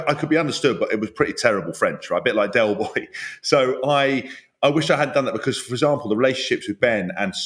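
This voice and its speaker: A man's voice: fairly low pitch, a bit bright. A man co-hosting a rugby podcast, chatting candidly and reflectively about his playing days. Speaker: podcast co-host, former rugby player. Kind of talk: casual chat.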